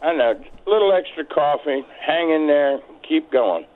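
A man's voice: a little high, expressive, normal speed, a little hiss or hum. A man from Maryland calling in to a radio talk show, telling his story in a rambling, hesitant way with lots of fillers. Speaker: caller. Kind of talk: phone-in call to a talk show. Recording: tinny phone line.

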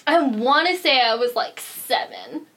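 A woman's voice: high voice, wildly swooping pitch, measured pace, a bit bright, slight background noise. A woman in casual chat, reacting a lot, laughing and exclaiming while she tells her own story. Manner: reactive, laughing, lots of "oh my God".

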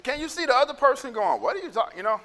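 A man's voice: very high-pitched, animated, racing, gravelly, bright, forceful tone. A man preaching a casual, conversational sermon. He repeats himself and acts out the people he quotes. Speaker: pastor. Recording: echoey hall.

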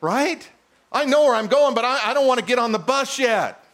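A middle-aged male pastor preaching a sermon in a church, animated and teasing his congregation. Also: very high voice, normal speed.

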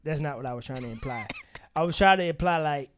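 A man's voice: on the high side, quick pace, slight background noise. A man co-hosting a podcast, talking candidly and emphatically with plenty of swearing. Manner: animated, emphatic storytelling with frequent swearing. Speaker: podcast co-host. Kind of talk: candid casual chat.

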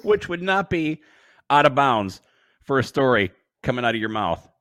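Lively, teasing male podcast host. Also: medium pitch, moderate pace, clear, resonant tone, no echo. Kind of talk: casual interview chat.

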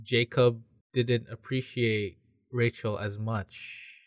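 A man co-hosting a casual faith discussion, speaking in slow, halting, thoughtful phrases. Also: mid-range voice, flat delivery, no room sound, studio quality. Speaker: podcast co-host.

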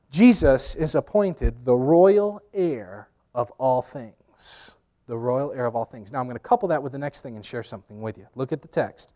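A man preaching from the pulpit in a conversational way. He drops to near-hush and rises to emphatic lines, and he mixes in wry, self-mocking asides. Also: medium pitch, lively intonation, moderate pace. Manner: conversational preaching, swinging between hushed and emphatic; uses pop-culture asides and self-deprecating humor. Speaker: pastor. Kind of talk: sermon.

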